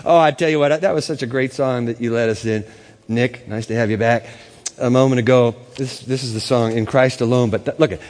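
A man's voice: mid-range voice, fairly even intonation, brisk, a little mellow. A man preaching a sermon as pastor, impassioned and emphatic, with dramatic swings. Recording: echoey church hall.

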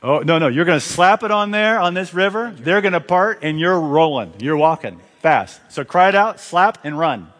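A fervent male preacher with a fairly high voice leads a revival service, calling out to the congregation and directing them from the front. His voice rings through a large church with a long reverb trailing after each phrase. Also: lively intonation, normal speed, few pauses, a bit bright. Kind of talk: revival sermon.

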